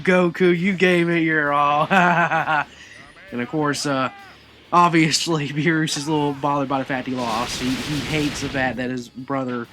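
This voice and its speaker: A man's voice: on the high side, sharp tone, slight background noise. A man casually reviewing an anime episode, chatty and rambling, full of asides as he recaps.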